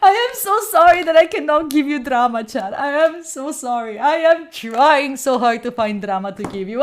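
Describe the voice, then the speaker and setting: A woman's voice: high voice, normal speed. A young Italian woman with an Italian accent, chatting casually with her stream chat, laughing often and answering viewers' questions. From Italy. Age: young adult. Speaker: study streamer.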